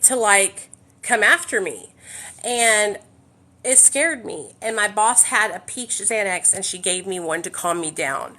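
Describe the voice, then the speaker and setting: A woman's voice: mid-range voice, sharp tone. A woman, chatting candidly to livestream viewers from her living room on a phone, swearing freely. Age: 30s. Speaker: livestream host. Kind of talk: casual livestream chat.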